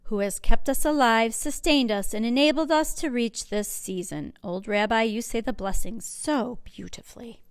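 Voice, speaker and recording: A cheerful old grandmother from a storybook, chatty and kindly, fussing over her guest and scolding gently, as a woman reading aloud voices her. Her voice sits a little high. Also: moderate pace, hardly any pauses, clean tone, natural voice. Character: kind, cheerful old grandmother hosting a holiday dinner. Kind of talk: picture book read aloud.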